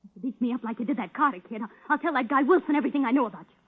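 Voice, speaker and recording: A woman's voice: sits high, animated, very fast, husky. A woman playing a flighty, gold-digging young nightclub woman in 1940s radio acting, coy and wheedling. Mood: terrified. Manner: coy and wheedling, turning to stammering terror. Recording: tinny old radio broadcast.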